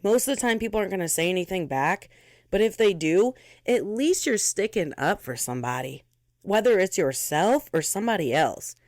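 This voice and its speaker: A woman's voice: medium pitch, lively intonation, normal speed, darkish tone, dry recording, studio quality. A young woman hosting her own podcast, talking candidly in a blunt, fiery, heavily profane way. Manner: fiery, emphatic. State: close to tears. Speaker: podcast host. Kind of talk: candid monologue.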